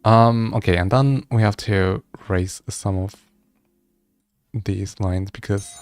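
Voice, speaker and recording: Chatty low-voiced man streaming live. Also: fairly even intonation, slow, no room sound, faint music behind. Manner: chatty, laughs often, stammers and restarts words. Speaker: music streamer. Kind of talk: casual livestream chat with viewers.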